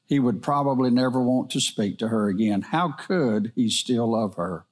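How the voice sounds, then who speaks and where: A middle-aged man reads a moral story aloud, gentle and earnest. His pitch sits in an ordinary middle range for a man, and he reads steadily with the odd small slip. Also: normal speed.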